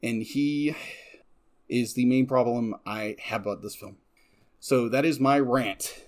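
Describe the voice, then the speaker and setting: A man's voice: mid-range voice, unhurried, darkish tone. A man co-hosting a film discussion, ranting with passion about a character he dislikes. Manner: heated, ranting, voice swings up when angry. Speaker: co-host. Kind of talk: passionate film review chat.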